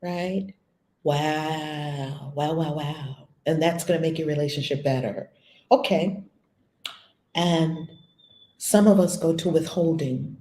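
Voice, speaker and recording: A woman giving a spiritual lesson as a teacher, blunt and animated, swearing casually. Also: low-pitched, slow, pauses often. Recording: echoey room.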